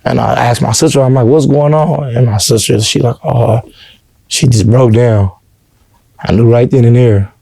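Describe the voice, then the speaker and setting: A man's voice: medium pitch, fairly even intonation, moderate pace, creaky, mellow, breathy edge, no room sound. A man being interviewed, telling his life story in an earnest, heartfelt way and constantly adding "you know what I'm saying.". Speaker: interview guest. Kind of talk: casual personal storytelling.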